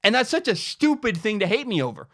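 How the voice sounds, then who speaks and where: Young male host, solo opinion rant, passionate and repetitive, bright high voice with very lively pitch. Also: quick pace. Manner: animated, impassioned, repeats himself. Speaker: podcast host giving his opinion. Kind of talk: opinion monologue.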